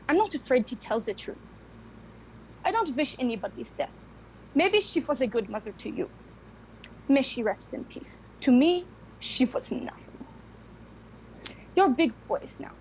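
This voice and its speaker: A woman's voice: high voice, a little mellow, a little hiss or hum, rough recording. An actress playing a stern, bitter old grandmother who speaks in curt, hard sentences. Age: older. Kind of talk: film drama acting.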